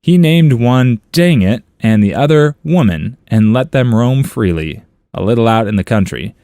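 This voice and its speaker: Man reading comments with lively pitch. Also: normal speed, dry recording, studio quality. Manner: playful, amused reading with lively pitch swings. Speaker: story channel narrator. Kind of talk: reading online comments aloud.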